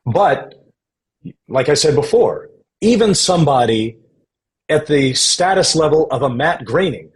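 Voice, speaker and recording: Man, podcast guest, measured storytelling, relaxed conversational tone. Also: a little high, low-quality recording. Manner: anecdotal, measured, uses quoted voices.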